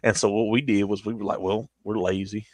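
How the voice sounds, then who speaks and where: A man's voice: on the low side, level tone, a little fast, dry recording. A man with a Southern US accent telling a long casual story on a stream, rambling with restarts.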